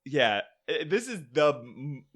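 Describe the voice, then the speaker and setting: A man's voice: a little high, very animated, slow pace, fairly bright tone. A man co-hosting a casual comedy podcast, rambling through a story, laughing often and acting out quotes. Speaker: podcast co-host.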